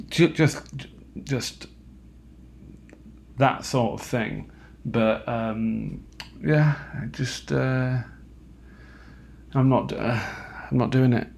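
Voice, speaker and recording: A man talking alone at home late at night, halting and self-mocking, with lots of fillers and restarts. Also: fairly low pitch, vocal fry, a little mellow. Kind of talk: rambling late-night monologue.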